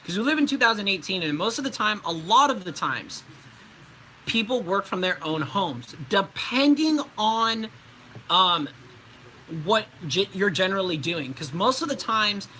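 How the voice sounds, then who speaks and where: A man's voice: high voice, animated, unhurried, pushed and bright, a little hiss or hum, poor audio. A young adult man, a voice actor, giving casual livestream tips in a chatty, loose way, with many fillers and restarts.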